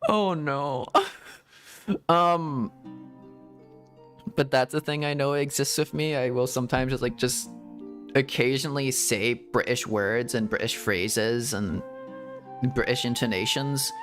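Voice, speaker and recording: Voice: mid-range voice, fairly even intonation, normal speed, faint music behind. A VTuber streamer chatting casually and rambling through a game stream, full of "like"s, restarts and giggles. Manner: rambling, filler-heavy talk with many "like"s and restarts; frequent giggling. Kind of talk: casual gaming stream chat.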